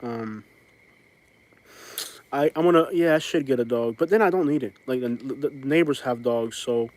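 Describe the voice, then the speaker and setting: A man talks into a handheld phone outside on his rural land, wandering from thought to thought. His voice sits at an ordinary middle pitch, with plenty of "like" and "um" as he restarts sentences. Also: normal speed, darkish tone. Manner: rambling, many fillers and restarts. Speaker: vlogger hosting a live stream. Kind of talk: casual rambling live stream. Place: outdoors on his rural property.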